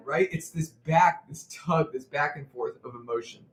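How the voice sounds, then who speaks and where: A man's voice: high voice, moderate pace, hardly any pauses. A young man leading a choir rehearsal, counting in the singers, singing lines to demonstrate and explaining the music. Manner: animated, counts in and sings demonstrations. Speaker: choir director. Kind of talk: choral rehearsal instruction. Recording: echoey room with piano.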